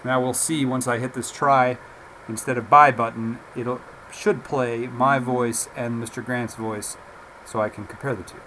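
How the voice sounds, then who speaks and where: Relaxed man giving a software demo. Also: mid-range voice, heavy background noise. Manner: relaxed, halting, with frequent "uh" fillers. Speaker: software reviewer. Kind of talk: casual screen-recorded software demo.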